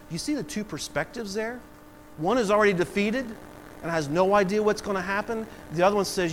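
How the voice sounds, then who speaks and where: A man's voice: high-pitched, fast, slight background noise, low-quality recording. A man preaching a sermon as pastor, acting out voices and swelling in volume for emphasis.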